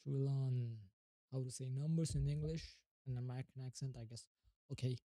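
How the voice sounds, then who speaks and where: A man's voice: medium pitch, fairly even intonation, a little fast, dark tone, dry recording, rough recording. A man live-streaming as he learns English, nervous and hesitant, repeating words over and over on his own mic. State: nervous, shaky. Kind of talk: casual live-stream chat.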